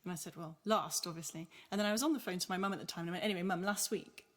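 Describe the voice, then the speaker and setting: Low-voiced woman hosting a podcast. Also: racing. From England, near Birmingham. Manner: attentive, with frequent murmured agreement. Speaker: podcast host. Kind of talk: casual discussion.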